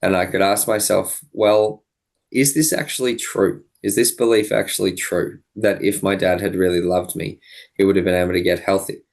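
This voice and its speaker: A man's voice: sits low, steady tone, normal speed, creaky. A young man, a podcast guest, telling a personal story in an earnest, thoughtful way, often restarting his phrases. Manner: earnest, thoughtful, with frequent restarts and quoted dialogue. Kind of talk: reflective storytelling in an interview.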